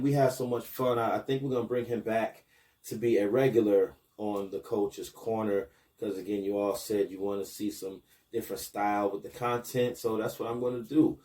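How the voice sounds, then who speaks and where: Laid-back low-voiced man hosting a podcast. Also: distant mic. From Buffalo, New York. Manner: hypes up viewers, rising excitement with promos. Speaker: podcast host and basketball coach. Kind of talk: casual podcast monologue.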